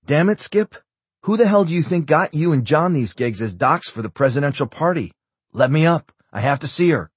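Reading an audiobook, a man voices a stubborn, sarcastic injured character who is impatiently pushing to get out of bed, insistent and sarcastic throughout. His voice is fairly low and animated, at a moderate pace, with no echo.

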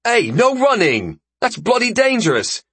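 A man's voice: mid-range voice, big pitch swings, a little fast, fairly bright tone, slightly rough, dry recording, pitched above the performer's own voice. A man voicing a rowdy bathhouse companion who scolds in slangy talk, in an audiobook. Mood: chiding. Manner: slangy, chiding.

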